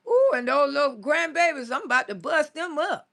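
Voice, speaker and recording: A woman's voice: sits high, animated, moderate pace, creaky, a bit bright. A woman in her sixties, a comedian chatting casually on a live stream, blunt and salty, who laughs often as she tells stories and scolds. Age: 60s. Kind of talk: casual live-stream chat reading viewer comments.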